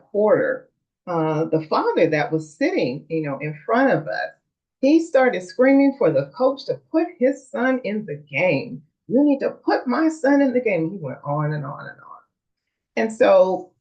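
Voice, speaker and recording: A middle-aged woman shares a personal story on her vlog. She talks in a chatty way with fillers, and her lowish voice swoops up and down with a lot of feeling. The recording sounds muffled and lo-fi. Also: a little mellow. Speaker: vlogger. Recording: dull lo-fi recording.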